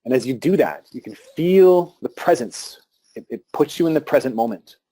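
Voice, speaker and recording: A man giving a live talk to an audience about meditation and breathing, speaking calmly with pauses and restarts. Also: mid-range voice, breathy edge.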